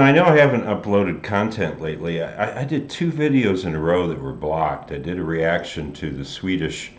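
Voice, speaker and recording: Older male reaction host, very low voice, relaxed and searching, roomy room, faint music under. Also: slight background noise. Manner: unhurried and musing, pausing to search for words. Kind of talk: casual reaction commentary.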